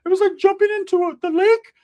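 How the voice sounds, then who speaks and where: Man doing a squeaky, dopey young cousin. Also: fairly even intonation, fast talker, dark tone. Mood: dreamy. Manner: squeaky, whiny and naive. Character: goofy high-voiced young man cousin, dopey and eager.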